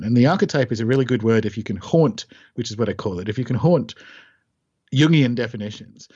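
A man's voice: medium pitch, darkish tone, slightly rough, lo-fi sound. A man speaking as a guest in an interview, explaining ideas in a thoughtful, searching way. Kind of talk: conversational interview.

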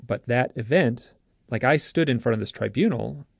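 A man with a gravelly, fry-edged voice tells an earnest story as an interview guest. He is lively and keeps restarting his sentences. The sound is close and dry. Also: mid-range voice, moderate pace, no room sound. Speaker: author and guest. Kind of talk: animated storytelling.

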